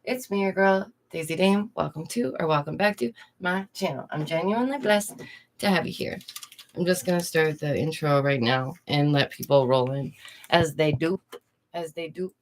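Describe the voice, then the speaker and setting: A woman's voice: low voice, moderate pace. A young woman, a streamer and art teacher, chatting casually to her viewers, laughing often and greeting them directly. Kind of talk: casual livestream chat. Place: indoors at home.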